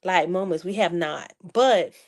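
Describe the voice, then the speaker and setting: A woman's voice: fairly low pitch, a little slow, a little mellow. A young adult woman chatting casually to her viewers as a vlogger, sarcastic and talkative, calling them y'all.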